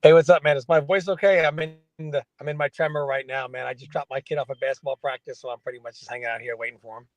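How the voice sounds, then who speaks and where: A middle-aged man speaks as a stream guest in a relaxed, friendly way. His pitch sits in the middle range, and the sound is dry with no room echo. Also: fast, hardly any pauses. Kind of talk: casual chat.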